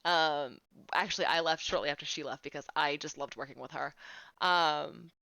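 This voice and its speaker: A woman in her late twenties, a game streamer, chats casually with viewers and tells stories, peppering her speech with "like." Her voice sits low with a sharp tone at a normal speed, with no echo.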